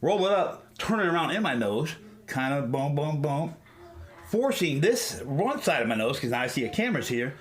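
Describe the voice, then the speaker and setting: An older man co-hosting a podcast, telling crude stories in a deadpan, casual way. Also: fairly high pitch, moderate pace. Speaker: podcast co-host. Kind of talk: casual banter.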